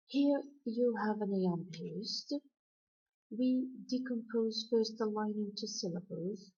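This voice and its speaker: A woman lecturer explaining poetic meter in a slow, deliberate way, chanting out stress patterns. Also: a little high, mellow, breathy edge. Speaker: university lecturer. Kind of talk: recorded poetry lecture. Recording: dull lo-fi recording.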